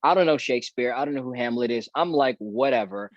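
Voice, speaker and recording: A man's voice: medium pitch, quick pace, no echo. A man who is a guest actor, telling a story in a casual podcast chat and acting out the dialogue he remembers. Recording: dull, dry lo-fi audio.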